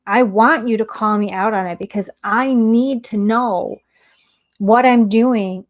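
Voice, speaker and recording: A woman who teaches mindfulness, talking candidly in a casual self-help monologue and sharing personal stories. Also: medium pitch.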